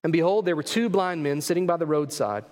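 Man, pastor, preaching, rhetorical questions, repeats for emphasis, slightly high voice, long hall reverb. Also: a little fast, a little mellow. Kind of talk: sermon.

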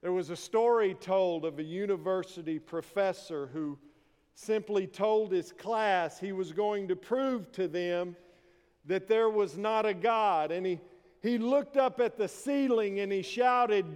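A man preaching a sermon, reading scripture and telling stories with shouted quoted lines. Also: high voice, takes it slowly, clear, resonant tone. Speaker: pastor. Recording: long reverb of a large hall.

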